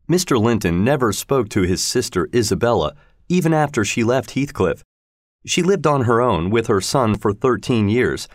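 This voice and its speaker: Man narrator, measured storybook read, dry close sound. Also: mid-range voice, no echo. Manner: slow, measured reading.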